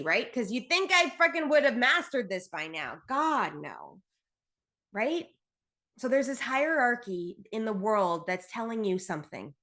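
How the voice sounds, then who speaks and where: A woman's voice: on the high side, a bit bright. Blunt, swearing woman podcast host. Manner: blunt, swears freely, impassioned; intense, emphatic, slows to stress points. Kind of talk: solo spiritual podcast monologue.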